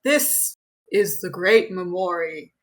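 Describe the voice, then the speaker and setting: A woman voicing a tabletop adventurer who grandly introduces a companion, with a mid-pitched voice. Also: animated, slow pace. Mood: grandiose. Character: bold adventurer speaking for the party.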